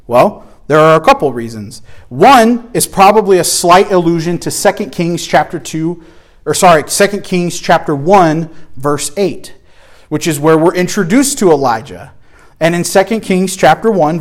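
A man with a voice on the high side teaches a Bible study lesson from slides. He speaks conversationally and with emphasis, frequently restarting his phrases.

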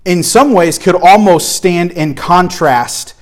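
A man's voice: high-pitched, takes it slowly. A man teaching a Bible study lesson from slides, talking in a conversational, emphatic way and often restarting his phrases.

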